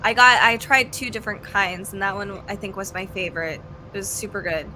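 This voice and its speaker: Bright, upbeat woman on a video call. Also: medium pitch, steady tone, fairly quick, slight background noise. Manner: upbeat, enthusiastic, listing things with small fillers. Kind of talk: casual live video chat, presenting a book.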